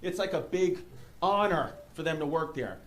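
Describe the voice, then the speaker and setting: A man from New York City with a New York accent, doing a stand-up comedy set with rambling, animated storytelling. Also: on the high side, moderate pace. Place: comedy club stage. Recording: live club room with audience noise. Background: audience laughter.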